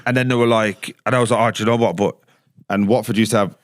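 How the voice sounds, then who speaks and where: A deep-voiced man tells a long story in a loose, casual podcast chat. He swears without a second thought and drops to a near whisper when he quotes other people. The sound is close and dry. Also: steady tone, quick pace, no room sound. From England. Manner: swears freely, acts out quotes in a hushed voice. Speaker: guest, former footballer. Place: basement studio.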